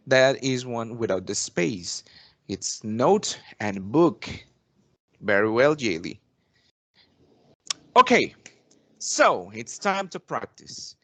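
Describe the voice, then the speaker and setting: A young man plays the teacher in an English lesson role-play. His pitch is average for a man, and his phrasing is formal and polite, padded with "actually" and restarts. The sound is dry and close, with almost no room echo. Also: fairly bright tone. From Mexico. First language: Spanish. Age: young adult.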